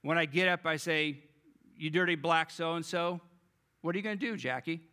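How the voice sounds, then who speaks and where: A pastor quoting a stern old baseball boss. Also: male voice, a little high, normal speed, bright, forceful tone. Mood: challenging. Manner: emphatic, testing questions. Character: stern older male baseball manager.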